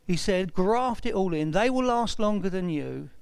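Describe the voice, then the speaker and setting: A man's voice: high voice, normal speed, gravelly, clear, resonant tone, dry recording. A man in his sixties tells a personal testimony and acts out the dialogue as he recounts it. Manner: retells events with lively quoted dialogue.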